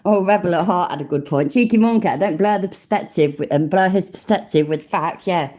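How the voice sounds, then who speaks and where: A woman's voice: fairly low pitch, fairly quick, warm tone. A woman with a British accent giving live reaction commentary, blunt, sweary and full of slang. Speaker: livestream commentator.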